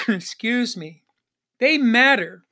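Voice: mid-range voice, lively intonation, drawn-out words, bright, forceful tone. A pastor delivering a broadcast sermon, repeating refrains and calling for an amen. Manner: repetitive preaching refrains, calls for amen. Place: Northern Arizona church ministry.

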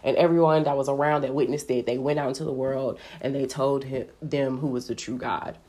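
Low-voiced woman teaching scripture casually. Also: a little fast. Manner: chatty, animated, heavy use of "like". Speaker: Bible teacher.

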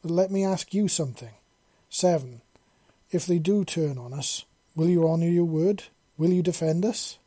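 A man voicing a level-headed male ally who calmly argues his case in a story reading. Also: a little high, normal speed, voice pushed up, natural voice. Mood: persuasive. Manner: reasoning, persuasive.

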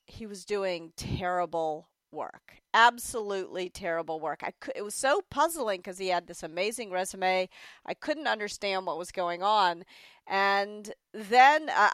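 A woman's voice: mid-range voice, no room sound. Candid storytelling woman, dry close sound. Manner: candid, animated storytelling with quoted voices. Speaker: interview guest, author. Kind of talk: storytelling in an interview.

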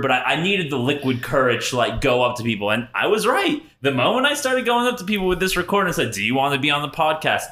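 A young man with a bright, forceful voice spins a wild night-out story for a podcast. He talks in a brash, laughing way and slips into the voices of the people he quotes. His voice rings a little in an echoey room. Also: medium pitch. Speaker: podcast co-host. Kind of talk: casual storytelling chat.

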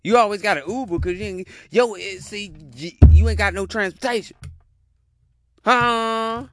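A man's voice: sits high, moderate pace, background noise. A man giving a heated, profane reaction rant, repeating his punchlines. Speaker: commentator reacting to a video.

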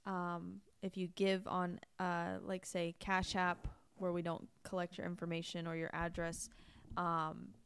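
A woman co-hosting a casual ministry podcast, relaxed and hesitant, with many fillers. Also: lowish voice, a little slow, hardly any pauses, clear, resonant tone, no echo.

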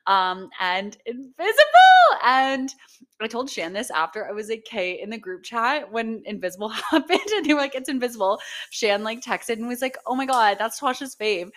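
A woman's voice: on the high side, a bit bright. A young woman co-hosting a podcast in casual chat, gushing and swearing freely, with lots of "like" and "um". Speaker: podcast co-host.

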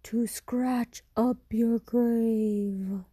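A ghostly, menacing creature from a spooky tale , put on by a woman reading aloud stretches each word into a long, slow groan. Its voice sits higher than the reader's own and has a husky edge. The recording is dry and close. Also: steady tone, warm tone, no room sound, heavily acted.

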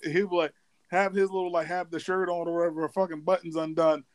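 A young man co-hosting a casual podcast chat, telling stories with lots of laughter and quick impressions of others. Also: sits high. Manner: animated storytelling, mimics others, laughs often. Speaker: podcast co-host.

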